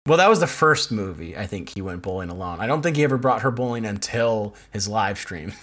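A man's voice: on the low side, expressive, fairly quick, a bit bright, breathy edge. A man co-hosting a comedy podcast, telling mocking stories in a rambling way full of "like"s. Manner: mocking, rambling storyteller with many "like"s. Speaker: podcast co-host. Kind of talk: casual podcast banter.

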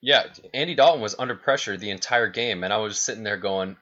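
A fast-talking man with a fairly low, pushed, bright voice co-hosts a sports podcast, chatting casually and offering strong opinions while rattling off team stats. The podcast audio sounds dull and lo-fi.

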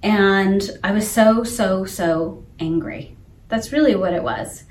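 A woman coaching on emotional intelligence, chatting casually as a co-host and telling her story with animated, laughing energy. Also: medium pitch, slow, echoey room. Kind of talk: casual chat.

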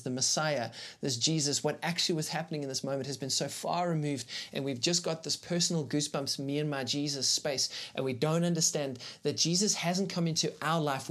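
Man, pastor teaching a live online series, chatty and animated, reads scripture with emphasis. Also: fairly high pitch. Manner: conversational and animated, greets viewers in the chat. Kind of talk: live-streamed Bible teaching.

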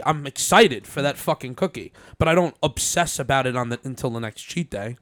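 A man's voice: medium pitch, moderate pace, hardly any pauses, fairly bright tone, dry recording, clean studio sound. A man in casual chat, swearing often and restarting his sentences. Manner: profane, stammering restarts.

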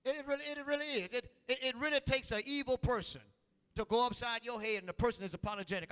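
A man's voice: very high voice, fast talker, fairly bright tone, smooth, big-room sound. A man preaching a sermon, calling out to his congregation with rising and falling intensity. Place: church.

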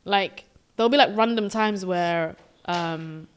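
A woman's voice: medium pitch, takes it slowly, smooth. A young woman, chatting reflectively as a podcast co-host, with lots of filler words. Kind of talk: casual chat.

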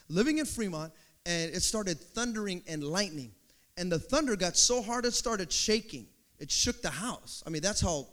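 A very high-pitched man preaching with a bright, ringing tone and a pitch that swoops all over. He preaches animatedly, acting out little scenes and building up to shouts. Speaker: pastor. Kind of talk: sermon.

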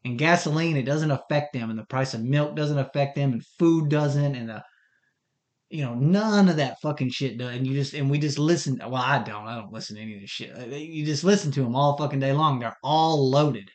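A man's voice: medium pitch, normal speed. A man hosting a podcast, ranting heatedly in a rambling, profane monologue. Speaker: podcast host. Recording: dull lo-fi recording.

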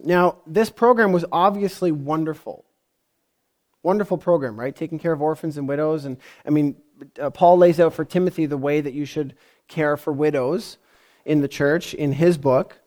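This man's voice is on the high side with a darkish tone. He's a pastor giving a sermon in a conversational manner, frequently asking the congregation questions.

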